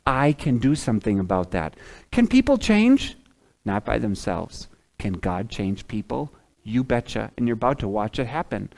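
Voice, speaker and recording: A man preaching a sermon as a pastor, swinging from loud emphatic lines to hushed ones and acting out quoted speakers. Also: medium pitch. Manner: acts out the prophet's and God's words in quoted asides.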